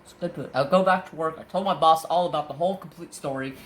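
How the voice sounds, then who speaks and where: A man hosting a crafting channel, telling a story in casual chat, animated, swearing freely and often repeating and restarting his words. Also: fairly high pitch, fast talker, echoey room. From Northern California.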